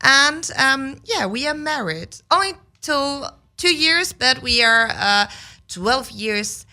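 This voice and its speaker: A woman from Germany with a German accent, chatting as a radio guest in halting English with many fillers. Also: sits high, expressive, sharp tone. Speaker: talk show guest. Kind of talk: casual chat.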